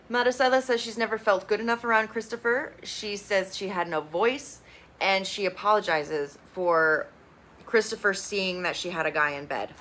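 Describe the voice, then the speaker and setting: A TV reviewer with a medium-pitched voice recaps a reality show, her manner casual, blunt and expressive, and she swears freely.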